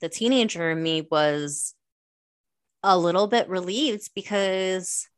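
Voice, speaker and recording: A woman with a lowish voice, talking in a relaxed conversational style. She speaks candidly and reflectively, often slipping into quoted speech as she recalls old conversations. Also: takes it slowly, smooth. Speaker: podcast co-host, older sister. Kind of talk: casual conversation.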